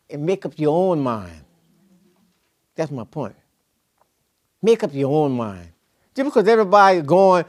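A man's voice: high voice, darkish tone, no echo, studio quality. A middle-aged man preaching a sermon, folksy and conversational, then rising to emphatic peaks.

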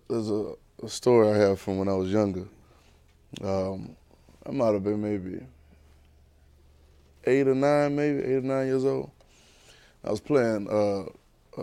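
A man preaching a sermon, telling a childhood story with lively, animated delivery. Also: on the low side. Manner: animated storyteller, rising to excited near-shouting.

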